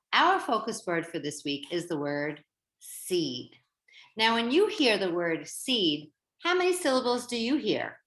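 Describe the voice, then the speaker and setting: Slow lively woman teaching young kids. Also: medium pitch. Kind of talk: early-grade reading lesson. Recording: roomy echo.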